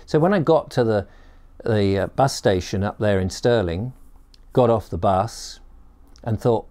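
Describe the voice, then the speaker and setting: A man with a fairly low voice tells a personal story to camera. He rambles in a chatty way, pausing on ums and restarting his sentences as he remembers. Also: animated, darkish tone. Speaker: storyteller and performer.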